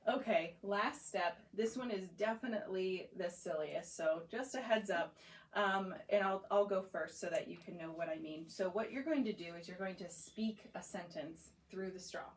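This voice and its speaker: A young woman who works as a voice clinician patiently leads a client through voice exercises one step at a time, offering encouragement in a clinic room. Her mid-range voice moves at a normal pace. The recording is low quality, with a roomy sound.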